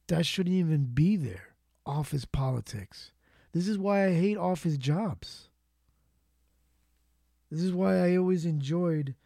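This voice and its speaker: Man, gravelly, mellow tone, casual rambling host talk, opinionated. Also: fairly high pitch, no echo, clean studio sound. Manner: rambling, opinionated, self-correcting. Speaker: podcast host.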